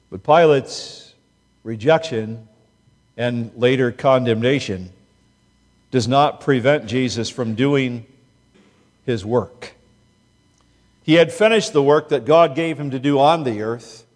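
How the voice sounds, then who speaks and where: A man preaching a sermon as pastor, slow and deliberate, with emphatic rises on key words. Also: mid-range voice, a little mellow, long reverb tail.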